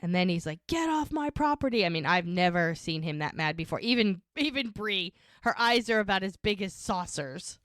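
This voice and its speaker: Brief: woman podcast co-host, lower pitch, dry close sound, animated recap. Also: moderate pace, few pauses, clear, resonant tone, dry recording. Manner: animated retelling, quoting characters' lines. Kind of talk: casual chat recapping a TV episode.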